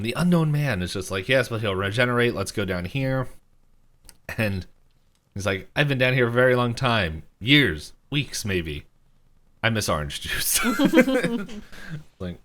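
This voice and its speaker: Male podcast co-host, lowish voice, loose rambling recap style, chuckles between beats. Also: fairly bright tone. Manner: rambling retelling, heavy use of "like", frequent chuckles. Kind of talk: casual episode recap chat.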